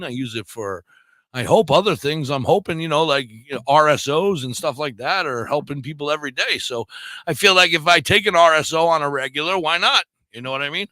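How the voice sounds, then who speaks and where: A man's voice: mid-range voice, sharp tone, no room sound. Blunt, cursing radio co-host man. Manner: blunt, profane, rambling. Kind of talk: casual radio chat.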